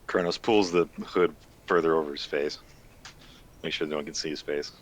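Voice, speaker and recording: A man's voice: a bass voice, fairly even intonation, moderate pace. A man speaking casually as a player in a tabletop game.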